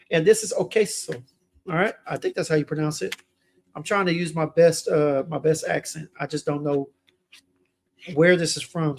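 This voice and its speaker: A man's voice: on the high side, a little mellow. A young man hosting a fragrance livestream, chatting casually and reading viewer comments aloud in a laid-back way.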